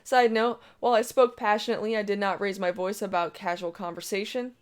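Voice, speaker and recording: A woman's voice: mid-range voice, fairly even intonation, fairly quick, clean tone. A woman reading a first-person online story aloud in a brash, profane storytelling manner. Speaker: story reader.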